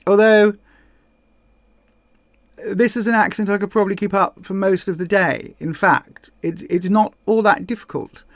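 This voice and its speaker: A woman's voice: on the low side, steady tone, quick pace, vocal fry, few pauses, no room sound. A woman putting on the voice of a haughty upper-class English lady, drawling with exaggerated clipped vowels.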